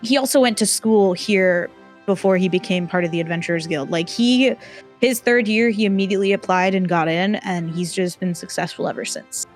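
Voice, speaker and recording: A woman's voice: fairly low pitch, a little fast, soft background music. A woman narrating a tabletop game as game master, chatty and rambling, with many fillers.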